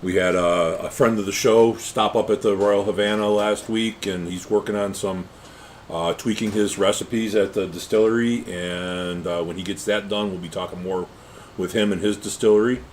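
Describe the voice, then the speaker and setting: A man's voice: on the low side, steady tone, normal speed, slight background noise. A man hosting a casual talk show, rambling with lots of fillers. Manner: rambling, with many fillers and restarts. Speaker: podcast host. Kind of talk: casual chat.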